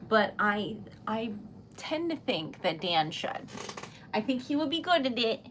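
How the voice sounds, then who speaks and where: Slow, giggly woman streamer chatting. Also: a little high, very animated, fairly bright tone, a little hiss or hum. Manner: chatty, giggly, rambling asides to chat. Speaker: livestream host. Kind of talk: casual chat while crafting.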